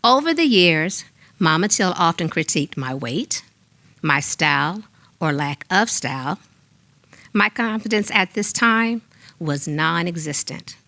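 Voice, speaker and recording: An older woman reading her own memoir aloud on a small theater stage, measured and heartfelt. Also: on the low side, expressive, bright, forceful tone.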